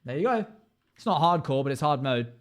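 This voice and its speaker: A man with a higher, expressive voice streams a game live at a fairly quick pace, chatting casually, reading viewer comments aloud and humming and scatting little tunes tunelessly while he builds.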